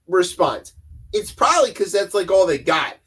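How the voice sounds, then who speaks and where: A man's voice: sits high, very animated, normal speed, fairly bright tone. A man co-hosting a comedy news podcast, talking in a sarcastic, rambling way. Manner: sarcastic, rambling, does mocking voices. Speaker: podcast co-host.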